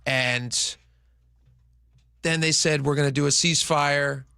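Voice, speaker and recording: A man's voice: fairly high pitch, fairly even intonation, measured pace, creaky, sharp tone, clear, resonant tone, no echo, clean studio sound. A man co-hosting a radio talk show, chatting casually and rambling through restarted thoughts. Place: radio studio. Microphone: studio microphone.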